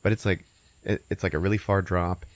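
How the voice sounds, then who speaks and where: A man hosting a podcast, casually recapping a movie's plot with lots of profanity and laughter, jumping into squeaky put-on voices for the characters. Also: a little fast, no room sound. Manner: profane, laughing, animated storytelling. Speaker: podcast host.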